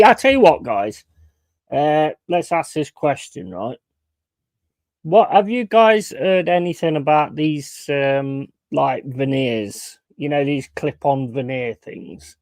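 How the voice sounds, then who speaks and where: A man's voice: fairly high pitch, a little mellow, dry recording. A man hosting a livestream, rambling and joking with his chat in a casual, banter-filled way and swearing now and then. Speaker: livestream host.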